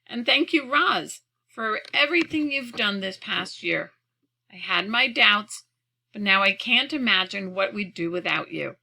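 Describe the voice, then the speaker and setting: A woman reading aloud, voicing a middle-aged farmer and father who grumbles and hollers warmly to his children. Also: mid-range voice, lively intonation, measured pace, gravelly, exaggerated voice, poor audio. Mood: hearty.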